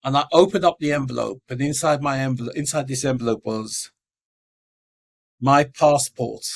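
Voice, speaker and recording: A man's voice: mid-range voice, moderate pace, creaky. A middle-aged man, a podcast guest telling his life story and acting out the voices of the people in it. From England.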